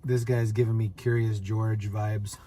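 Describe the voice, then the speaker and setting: A man's voice: on the low side, flat delivery, a little slow, warm tone, a little hiss or hum. A man casually chatting on a live stream, joking, rambling, and greeting viewers by name.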